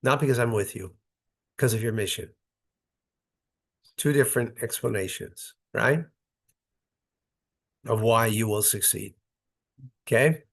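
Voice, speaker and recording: As rabbi of a Torah study class, this man reads a verse one short Hebrew phrase at a time, then translates and explains each in English, step by step. He talks conversationally in a mid-range voice and often checks in with his listeners with "right?" and "okay?"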